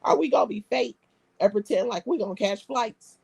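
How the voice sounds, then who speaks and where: Brash gravelly woman hosting a live stream. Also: medium pitch, animated, fairly quick, mellow, dry recording. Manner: brash, streetwise, profane banter with laughter. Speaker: live stream host reading comments. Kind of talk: casual live-stream chat.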